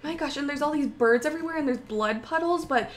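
High-voiced, excitable young woman. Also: quick pace. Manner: excitable, gasping, panicky exclamations. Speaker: gaming YouTuber. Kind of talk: gameplay commentary.

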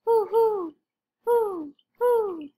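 Brief: woman doing a calm owl with high hoots for a storybook. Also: very slow, exaggerated voice. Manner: high hooting. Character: great horned owl, calm guardian.

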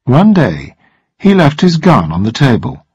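A man narrating a story aloud for English listening practice, with a measured, expressive delivery. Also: mid-range voice, husky, dry recording, lo-fi sound.

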